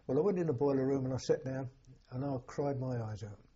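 An elderly man recalling his war years, halting and repeating words as emotion rises. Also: mid-range voice, dark tone, husky. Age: older. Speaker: war veteran interviewee. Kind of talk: personal recollection. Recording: dull lo-fi recording.

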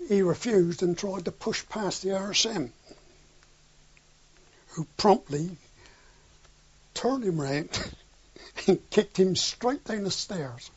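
An older man with a high, husky voice tells a wartime anecdote in an oral history interview, speaking slowly with frequent pauses. He acts out the dialogue and chuckles now and then, in a dry, dull lo-fi recording.

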